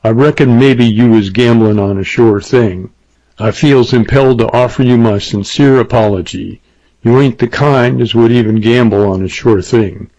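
A cold, threatening cowboy gunman, as a male reader puts him on, drawling his words slowly and deliberately. The storybook recording is dry and dull, like a lo-fi file. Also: medium pitch, mellow, no echo, lightly acted. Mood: curt.

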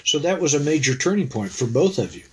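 A man hosting an interview, asking long, measured, deliberate questions. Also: fairly high pitch, expressive, slight background noise.

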